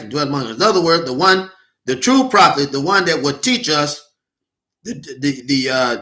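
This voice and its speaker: A man's voice: fairly high pitch, bright, forceful tone. A man preaching a sermon as a minister, repeating rhetorical questions to his listeners. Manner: reads scripture slowly and deliberately.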